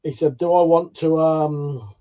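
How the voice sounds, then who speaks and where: A man's voice: fairly high pitch, unhurried, mellow. A man hosting a casual livestream, chatting and reading out viewer comments in a tired, swearing, easygoing manner. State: tired, yawning. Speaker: livestream host. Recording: dull lo-fi stream audio.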